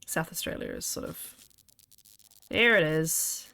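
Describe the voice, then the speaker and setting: A woman's voice: sits low, unhurried, bright, forceful tone, clean tone, no room sound. A woman, chatting casually and laughing often while streaming a game. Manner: chatty, laughs often, wanders between asides. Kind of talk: casual gameplay commentary.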